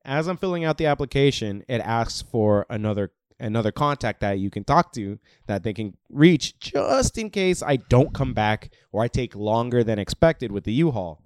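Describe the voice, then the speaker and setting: A man's voice: mid-range voice, moderate pace, hardly any pauses, smooth, no echo, studio quality. A man casually telling a story among friends, swearing and acting out the people he quotes. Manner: animated, swearing, acts out quoted voices.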